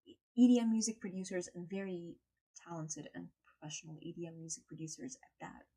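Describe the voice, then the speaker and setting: A woman's voice: on the low side, fairly quick, dark tone, breathy edge, poor audio. A woman chatting casually on a live stream, rambling, crude and self-mocking, swearing freely. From United States.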